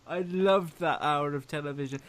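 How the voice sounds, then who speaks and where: Playful, teasing man with a higher voice. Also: normal speed, fairly bright tone. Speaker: host. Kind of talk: casual chat.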